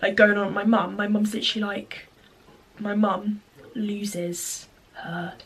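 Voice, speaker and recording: A woman's voice: mid-range voice, level tone, unhurried, slight background noise. A young woman chatting through a storytime vlog, rambling and saying "like" a lot. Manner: chatty, rambling, heavy use of "like". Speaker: vlogger.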